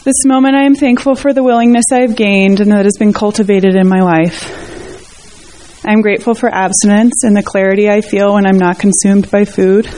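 A woman speaking in a support group with an ordinary mid-pitched voice. She reads her letter aloud softly, measured and sincere. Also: steady tone.

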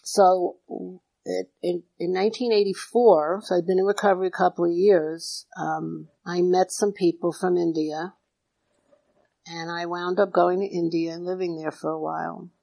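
A woman's voice: fairly low pitch, flat delivery, normal speed, creaky, dark tone, low-quality recording. A middle-aged woman telling her recovery story, candid and confessional, with self-mocking asides. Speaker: recovery speaker.

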